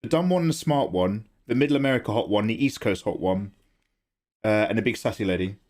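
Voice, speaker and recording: A man's voice: lowish voice, quick pace, darkish tone. A young man chatting casually on a drawing livestream, wandering from topic to topic and laughing often as he tells stories. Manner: rambling anecdotes, laughs often. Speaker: livestream artist. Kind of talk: casual chat while drawing on stream.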